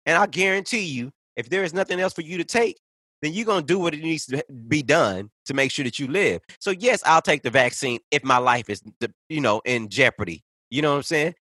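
A man's voice: fairly high pitch, animated, a little fast, bright, forceful tone, no echo. A man ranting in casual conversation, heated and profane, piling up point after point. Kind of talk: casual podcast rant.

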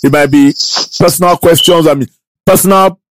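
Lively male podcast host. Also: on the high side, no room sound, low-quality recording. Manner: animated, playful, quick questions. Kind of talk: casual sports podcast chat.

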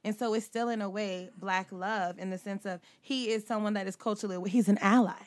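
A woman in casual group discussion, talking at length in an animated, slangy way. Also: medium pitch, a little fast.

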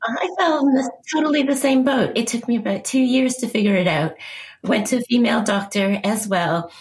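A woman's voice: a little high, brisk. A woman, a mother and podcast guest, recounting her experience hesitantly with fillers and repeats. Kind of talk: personal storytelling.

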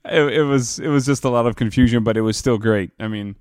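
A man's voice: mid-range voice, fast, a little mellow, smooth, no echo, clean studio sound. An American man hosting a podcast, chatting easily with guests and often restarting his sentences. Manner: easygoing, stammering restarts. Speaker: podcast host. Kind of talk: casual chat.

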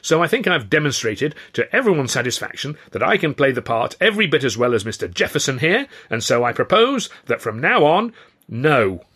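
A man's voice: mid-range voice, big pitch swings, a little fast, sharp tone, breathy edge, pitched above the performer's own voice, heavily acted. A man voicing a blustering, self-important male stage actor who talks in an indignant way. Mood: pompous.

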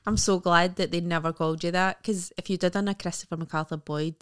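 A woman's voice: lowish voice, steady tone, fast talker, clean tone. A woman co-hosting a comedy podcast, chatty and self-mocking, laughing often. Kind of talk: casual comedy podcast chat.

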